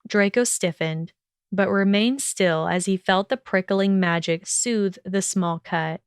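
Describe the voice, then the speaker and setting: Woman, audiobook narrator, steady delivery, smooth clear voice, dry close sound. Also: mid-range voice, measured pace, no room sound. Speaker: podcast narrator.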